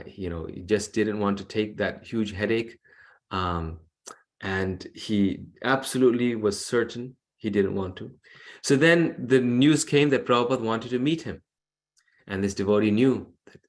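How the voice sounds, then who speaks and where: A man giving a devotional class over a video call, telling a story with earnest, animated delivery. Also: on the low side.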